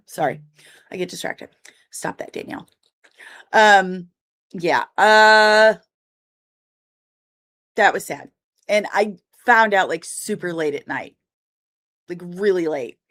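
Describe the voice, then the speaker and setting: A woman's voice: fairly low pitch, slow pace, long pauses, a bit bright. Chatty woman hosting a livestream. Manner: chatty, greets chat viewers by name, laughs easily. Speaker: livestream host. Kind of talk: casual livestream chat.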